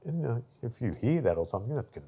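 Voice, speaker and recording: Rapid-fire and very animated, this man speaks in a mid-range voice that's mellow and husky. As an artist and arts worker guesting on an interview, he tells casual, rambling stories loaded with fillers, voicing the people he quotes.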